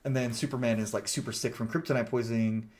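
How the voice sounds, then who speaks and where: A man's voice: medium pitch, fairly even intonation, quick pace, darkish tone. A man giving a casual, chatty plot recap in a movie review, full of "like" fillers and the odd swear word. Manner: acts out characters' lines when quoting them.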